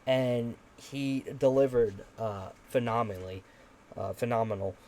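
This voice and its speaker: A man's voice: mid-range voice, unhurried, mellow, slight background noise. A young man chatting casually as a podcast host. He rambles, leans on fillers, and drops in offhand swearing as he talks.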